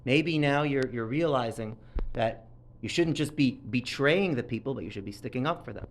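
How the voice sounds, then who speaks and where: A man's voice: mid-range voice, normal speed, a little hiss or hum. A man giving a sermon-style Torah talk at a synagogue event, telling the story emphatically and acting out the quotes with rising intensity.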